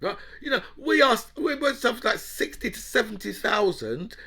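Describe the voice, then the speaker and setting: A man's voice: sits high, very animated, normal speed, creaky, bright, forceful tone, breathy edge. Heated, sarcastic man ranting about politics. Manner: heated, sarcastic, repeats "right?" constantly. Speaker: political commentator. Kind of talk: angry political rant.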